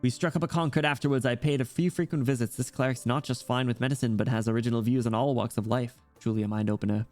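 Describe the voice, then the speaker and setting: A man's voice: mid-range voice, fairly even intonation, quick pace, a little mellow, close to an everyday voice. A man voicing a pompous older noble uncle in a game story, reading it in a mock-British manner over faint music. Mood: stately.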